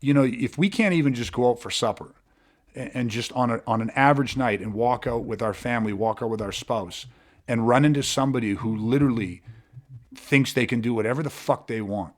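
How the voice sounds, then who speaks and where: A man hosting a podcast, talking in an intense, blunt way with frequent swearing and halting restarts. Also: medium pitch. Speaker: podcast host. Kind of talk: podcast monologue.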